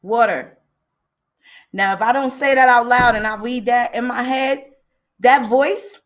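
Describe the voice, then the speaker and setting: A woman's voice: a little high, moderate pace. A woman hosting a livestream, ranting emphatically with a lot of profanity and greeting viewers by name. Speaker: livestream host. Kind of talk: livestream commentary.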